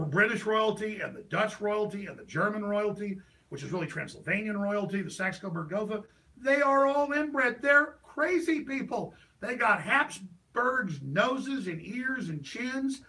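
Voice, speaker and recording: A middle-aged man hosts a talk show and delivers a heated political rant, veering between loud outbursts and low mutters.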